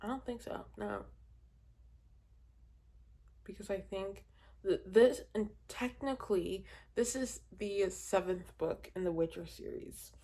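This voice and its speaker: Young woman book vlogger, unhurried, rambling, laughs often, easily exasperated. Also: mid-range voice, warm tone. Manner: rambling, many fillers and laughs. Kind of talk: casual reading wrap-up chat.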